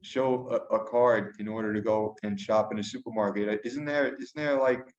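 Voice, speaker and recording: A man's voice: fairly low pitch, steady tone, normal speed. A man co-hosting a podcast remotely, talking indignantly and often repeating himself. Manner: indignant, repetitive restarts. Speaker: podcast co-host. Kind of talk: casual chat. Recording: roomy, dull remote line.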